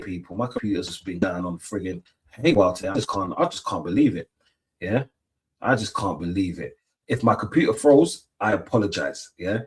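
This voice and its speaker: A young British man hosts a football banter livestream from behind his webcam. His voice sits low, and he trades teasing jabs with his chat in a loose, casual flow. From Britain. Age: young adult. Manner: playful trash talk, lots of "yeah?" tags. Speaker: livestream host. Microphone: webcam mic.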